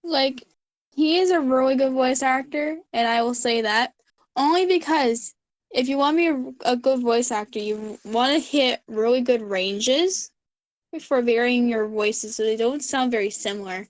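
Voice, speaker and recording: High-voiced chatty woman, dry close sound. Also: normal speed, dry recording. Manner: chatty, agreeable, laughs along. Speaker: co-host. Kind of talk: casual chat.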